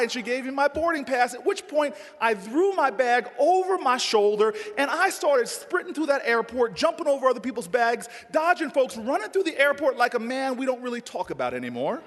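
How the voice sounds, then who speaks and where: High-voiced man telling a comic story. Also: normal speed. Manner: animated, comic, often shouting. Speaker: politician giving a dinner speech. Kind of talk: humorous storytelling speech. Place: large dinner hall. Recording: long hall reverb, faint noise.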